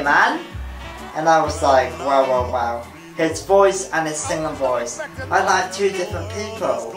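A man giving an enthusiastic, casual video review of talent show acts, often repeating his praise. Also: fairly high pitch. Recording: roomy sound with music behind.

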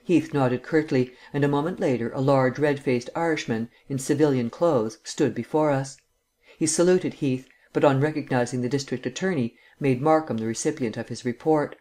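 A man narrating a classic mystery novel audiobook in a steady, even reading manner. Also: mid-range voice, moderate pace.

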